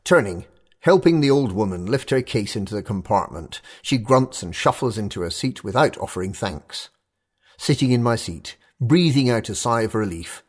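A man's voice: lowish voice, lively intonation, moderate pace, breathy edge. A man narrating a first-person audio story in clipped, tense fragments.

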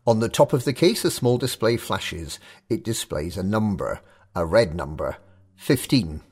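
A man's voice: fairly low pitch, very animated, a little slow, breathy edge. A man narrating a first-person audio story in clipped, tense fragments.

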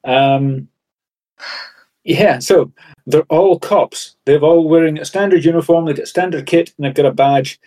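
A man narrating and running a tabletop role-playing game as game master, in a relaxed, chatty way. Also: on the high side, unhurried.

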